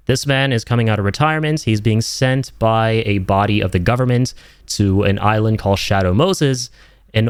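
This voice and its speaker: A man's voice: fairly low pitch, clear, resonant tone, dry recording, studio quality. A young man giving an enthusiastic, emphatic video game review in casual, slangy talk.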